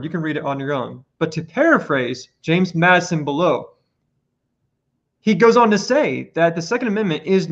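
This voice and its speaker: An earnest man lays out his points on a casual podcast, pressing harder on each one. His voice sits a little high. The audio is dull and lo-fi. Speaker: podcast guest presenter. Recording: lo-fi muffled audio.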